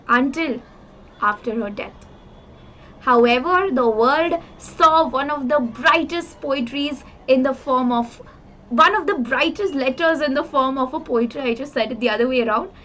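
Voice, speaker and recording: A woman's voice: high-pitched, a bit bright, a little hiss or hum, rough recording. A young woman with an Indian English accent, explaining a poem in a lesson, earnestly repeating and paraphrasing each line. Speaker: teacher.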